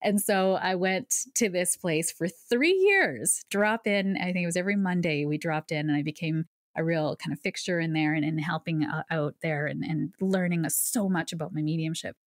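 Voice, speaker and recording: A woman's voice: fairly low pitch, normal speed, few pauses, no echo, studio quality. A woman guest on a podcast, a psychic medium, telling her story and explaining ideas in an earnest, conversational way. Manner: earnest, explanatory, with lively asides.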